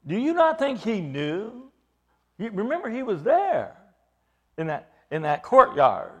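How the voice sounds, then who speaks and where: A male preacher delivering an expository sermon in a fairly high voice that swings widely in pitch. He talks emphatically, repeats phrases to drive points home, and puts pointed questions to his listeners. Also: wildly swooping pitch, measured pace, fairly bright tone.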